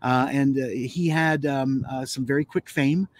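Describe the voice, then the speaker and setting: A man hosting a live show, introducing a talk in a halting way with many fillers. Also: medium pitch, fairly even intonation, slight background noise. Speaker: host.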